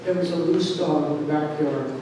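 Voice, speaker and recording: Lively older male storyteller in echoey hall. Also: on the high side, normal speed. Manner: animated, lively, acts out voices. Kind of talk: live personal storytelling. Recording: echoey hall miked from far off, noisy.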